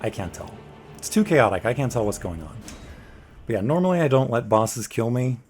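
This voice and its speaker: A man's voice: medium pitch, lively intonation, a little fast, a little mellow. A man giving casual, jokey let's play commentary, talking to the boss as he fights it. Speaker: gaming video creator. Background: game music.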